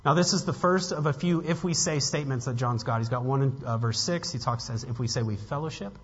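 A man's voice: mid-range voice, a little fast, slightly rough. A man preaching a sermon as pastor, earnest and building to emphatic peaks, with casual asides to the congregation. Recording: dull lo-fi with long hall reverb.

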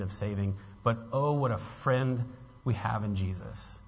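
A man's voice: on the low side, measured pace, husky. A man preaching a sermon as pastor, earnest and building to emphatic peaks, with casual asides to the congregation. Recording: dull lo-fi with long hall reverb.

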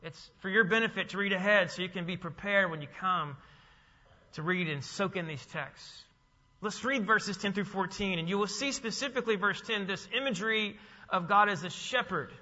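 A man's voice: high voice, normal speed, bright, forceful tone, in a large hall, dull audio. A man preaching a sermon as pastor, emphatic, with rhetorical questions to the congregation.

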